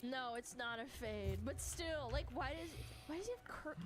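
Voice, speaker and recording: A woman streamer giving excitable livestream reaction commentary, laughing often and swearing freely. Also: high-pitched, noisy background.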